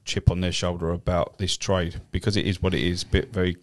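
A man's voice: deep voice, little pitch movement, a little fast. A man with a London accent chatting casually as a podcast co-host, sweary and rambling, often breaking into laughs. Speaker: podcast co-host, cab driver. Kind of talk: casual chat.

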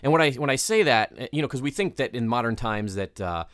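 A man's voice: mid-range voice, lively intonation, fast talker, a bit bright, no echo. Rambling male podcast host, dry sound. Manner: rambling, hesitant, many fillers. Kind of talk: casual chat.

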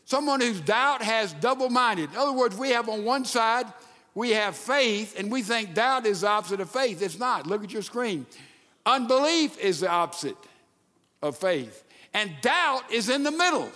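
A man preaching a sermon, acting out the quoted lines and sometimes dropping to a hushed voice. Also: sits high, normal speed. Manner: animated, acts out quotes, drops to hushed tones. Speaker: pastor. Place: church sanctuary. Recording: long reverb of a large hall.

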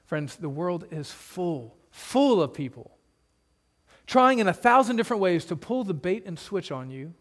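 Male pastor, higher voice, earnest sermon delivery with emphatic hushed drops. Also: very animated, a little slow. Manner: earnest, emphatic preaching with sudden drops to a low hush. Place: church.

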